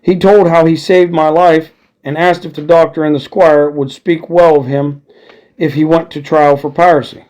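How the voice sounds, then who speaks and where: A man's voice: a little high, fairly even intonation, moderate pace, darkish tone. Man casually reading an adventure story. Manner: casual, friendly asides to listeners.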